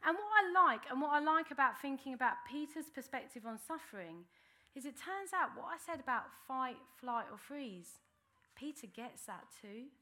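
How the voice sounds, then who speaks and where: A woman delivers a sermon with a bright, slightly high voice. She speaks earnestly and conversationally, restarting phrases as she goes. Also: lively intonation, normal speed. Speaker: preacher.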